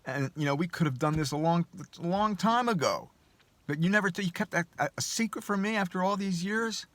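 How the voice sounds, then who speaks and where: A man's voice: high-pitched, animated, fairly quick, no room sound, voice pushed up. A man voicing an elderly retired postal worker who is furious and indignant at his wife. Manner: indignant, shouting complaints.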